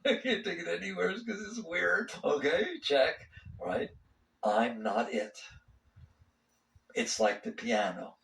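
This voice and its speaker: Folksy older man, roomy, gravelly. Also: medium pitch. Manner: folksy, animated, laughing often, asking the audience questions. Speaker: spiritual teacher. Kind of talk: spiritual talk to an audience. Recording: roomy and distant mic.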